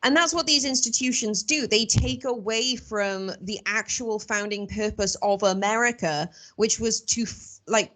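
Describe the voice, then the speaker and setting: Woman, host, casual blunt talk, mid-pitch voice, swears. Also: a little slow, a bit bright. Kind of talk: casual political chat.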